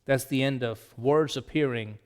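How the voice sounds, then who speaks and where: A man teaching Greek vocabulary, slowly and deliberately repeating each word and its meaning as a drill lesson. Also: medium pitch, darkish tone, big-room sound.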